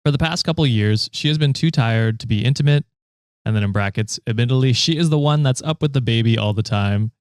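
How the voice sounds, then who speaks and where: A man's voice: mid-range voice, fast talker, clear, resonant tone, dry recording, studio quality. A man hosting a podcast, reading a story post aloud between casual chat and frequent laughter. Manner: laughs often, reads posts aloud. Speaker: podcast host reading stories.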